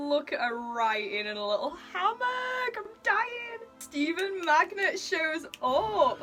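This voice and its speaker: A woman's voice: medium pitch, a bit bright. A woman reacting to a comic as she reads it, gushing and giggly with lots of exclamations. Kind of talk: excited reading reaction.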